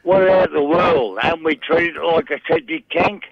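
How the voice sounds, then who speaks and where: A man calling in to a radio show, making deadpan dry jokes over a muffled phone line. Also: on the high side, normal speed, gravelly. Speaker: caller. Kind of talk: call-in chat.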